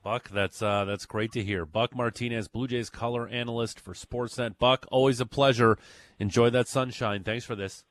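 A man's voice: medium pitch, steady tone, normal speed, no echo, clean studio sound. A man hosting a sports talk radio show, bantering with co-hosts and plugging upcoming segments in an upbeat way. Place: radio studio.

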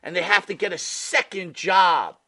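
A man's voice: sits high, moderate pace, sharp tone. A man hosting a wrestling talk show, telling the story emphatically and swearing casually. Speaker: podcast host.

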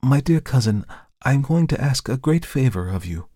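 A man's voice: lively intonation, normal speed, mellow, breathy edge, dry recording, clean studio sound. A man voicing a distressed, hypnotized noblewoman who pleads and trembles in an audiobook reading. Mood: anxious. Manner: trembling, pleading, rising to high cries.

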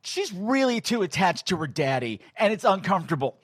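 A man co-hosting a podcast, chatting about an old film in an animated way and acting out bits of dialogue. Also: sits high. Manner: animated, quick, acts out quotes. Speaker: podcast co-host. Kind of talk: casual film discussion.

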